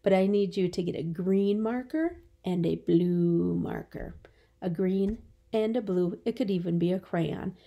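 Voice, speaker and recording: A woman's voice: on the low side, a little slow, creaky, mellow, muffled recording. A woman teacher giving a remote phonics lesson to young children, stretching out her words in a patient, encouraging way.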